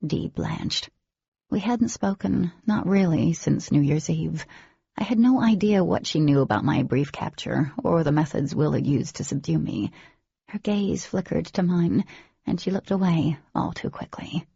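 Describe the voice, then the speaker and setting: Husky, gravelly woman narrating a novel. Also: deep voice, measured pace, mellow, no room sound. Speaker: audiobook narrator. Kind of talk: first-person novel narration. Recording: dull lo-fi recording, dry.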